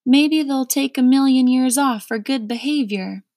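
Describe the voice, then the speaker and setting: Woman doing a shouting, jaunty humbug creature. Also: high-pitched, measured pace, dry recording, studio quality, voice pushed up. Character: boastful male humbug creature.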